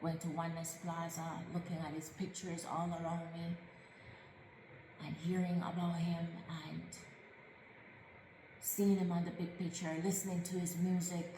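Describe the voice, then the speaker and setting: Low-voiced woman telling her life story. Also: level tone, moderate pace, warm tone, echoey room, in a large hall, slight background noise, poor audio. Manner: earnest, emotional, reflective. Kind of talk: personal life story narration.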